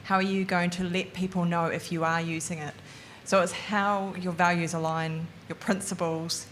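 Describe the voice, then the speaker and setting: A woman speaking at a seminar, explaining things in a measured way. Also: on the low side, flat delivery, a bit bright, slight background noise. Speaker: guest speaker. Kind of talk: seminar talk.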